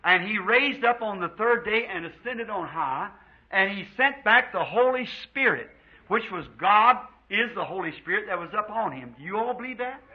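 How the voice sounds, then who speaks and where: Husky high-voiced male preacher, old tape. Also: lively intonation. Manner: fervent preaching, drawn-out quotes of scripture. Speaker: pastor. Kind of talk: sermon. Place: church before a congregation. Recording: dull lo-fi old sermon tape.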